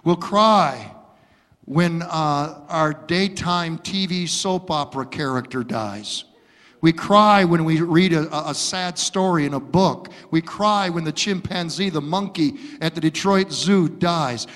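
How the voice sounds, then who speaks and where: A man's voice: fairly high pitch, slow, a bit bright. A male pastor delivering an impassioned sermon and acting out stories, recorded in a church sanctuary. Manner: impassioned preaching with acted-out stories. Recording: long reverb of a large hall.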